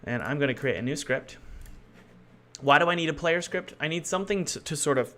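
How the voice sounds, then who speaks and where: Coding his game live, a man rambles to viewers and corrects himself as he goes, voicing his thoughts while working. His voice is on the high side, expressive, pushed and bright, and he talks fairly quickly.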